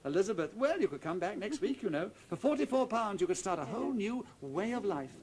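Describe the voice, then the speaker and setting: A man hosting a television quiz show in a studio, chatty and brisk, teasing the contestants as he reads out the questions. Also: high voice, big pitch swings, a little mellow.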